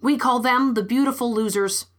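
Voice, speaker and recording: A woman voicing a calm alien oryx beast that gently persuades the animals to board its ship. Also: on the high side, moderate pace, natural voice. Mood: coaxing.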